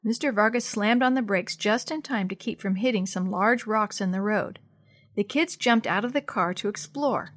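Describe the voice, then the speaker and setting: A woman reading a children's storybook aloud in a clear, expressive scripted narration. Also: mid-range voice, normal speed, no echo, clean studio sound.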